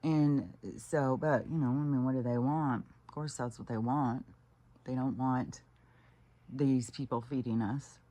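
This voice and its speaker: A woman delivering an angry, profane rant as a vlogger, full of swearing and halting restarts. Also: a bass voice, fairly even intonation, warm tone.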